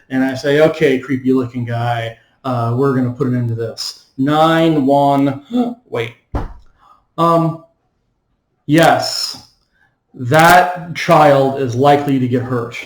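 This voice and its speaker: A man's voice: medium pitch, roomy sound, rough recording. A man lecturing on philosophy, hesitant, with many ums and restarts as he walks through an argument. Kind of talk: recorded lecture.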